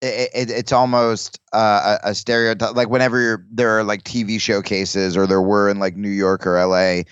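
A man's voice: on the low side, level tone, moderate pace, hardly any pauses, smooth, dry recording. Comedian guy rambling on a podcast, keeps restarting, dull lo-fi mic. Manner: rambling, restarts, acts out quoted lines. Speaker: comedian guest. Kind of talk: casual podcast chat.

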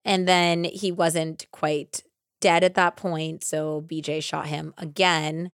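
A woman hosting a true crime podcast, casually retelling a case with animated acted-out quotes and lots of "like". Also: low-pitched, slow, smooth, no echo, studio quality. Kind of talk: casual storytelling.

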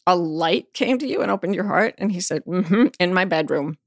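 A woman's voice: lowish voice, animated, normal speed, no echo, studio quality. A middle-aged woman, an interview guest, telling personal stories candidly and frankly, now and then swearing. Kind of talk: personal storytelling in conversation.

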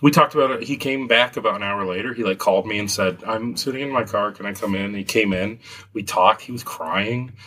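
A man's voice: on the low side, a little fast, sharp tone. A man with a Western New York accent, a business owner, telling a story in casual chat, acting out quotes and swearing freely.

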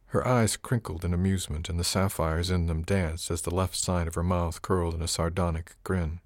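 A man with a very low, deep voice narrates a first-person audiobook. His delivery is measured and wry. The sound is dry and close, with no room around it. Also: steady tone, no room sound.

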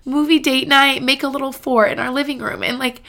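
A woman's voice: high-pitched, steady tone, fairly quick, creaky, sharp tone. A young woman vlogging about her relationship in a personal, emotional way, close to tears, full of "like" fillers. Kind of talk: personal vlog talk.

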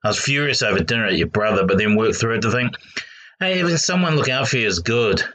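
A smooth, bright-toned con man. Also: medium pitch, animated, fast talker. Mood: reassuring. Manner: coaxing, reassuring. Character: smooth-talking male con man reassuring his girlfriend.

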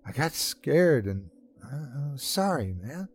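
A man voicing a shaken young man haunted by hallucinations, talking softly and stammering. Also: mid-range voice, sing-song, takes it slowly, husky, heavily acted. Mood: frightened. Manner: stammering, soft and shaky.

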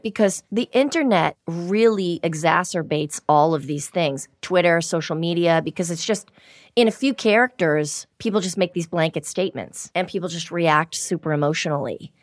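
Low-voiced woman hosting a talk. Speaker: podcast host. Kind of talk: podcast conversation.

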